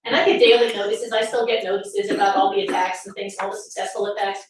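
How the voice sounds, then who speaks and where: A woman's voice: medium pitch, steady tone, quick pace. A woman giving a presentation to an audience, sarcastic and full of rhetorical questions. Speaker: speaker at a political summit. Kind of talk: presentation talk. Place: meeting room with audience. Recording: very echoey room from far off, faint noise.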